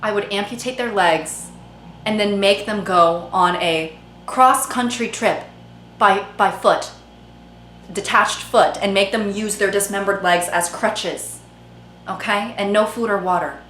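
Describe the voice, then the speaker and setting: A woman's voice: mid-range voice, measured pace, fairly bright tone, a little hiss or hum. Sarcastic woman vlogger, echoey room. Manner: sarcastic, playful, slips into mock voices. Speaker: YouTube host. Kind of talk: comedic commentary. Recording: echoey room with faint music.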